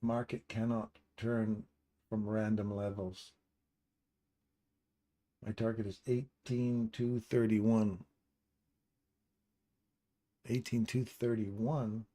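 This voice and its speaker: Low mellow-voiced man streaming trades. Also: flat delivery, slow pace, long pauses. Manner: casual, talks to chat viewers by name; upbeat and chatty, laughs easily. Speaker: trading streamer. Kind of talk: live-stream commentary reading chat.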